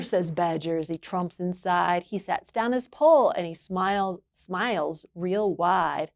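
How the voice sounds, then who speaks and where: Woman, children's librarian, slow sing-song storytime delivery, dry close sound. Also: fairly low pitch, no echo.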